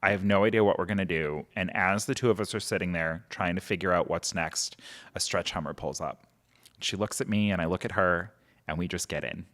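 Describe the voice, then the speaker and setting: A man's voice: low voice, brisk. A man, a podcast guest telling a story casually and animatedly, acting out quotes. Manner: animated, acts out quotes, many "like" fillers.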